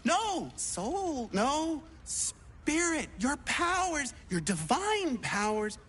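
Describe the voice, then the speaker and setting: A performer voicing an eager, hapless young would-be adventurer in a video game, excitable and clumsy, fumbling for words. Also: sits high, drawn-out words, slight background noise, full character voice. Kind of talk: video game character dialogue.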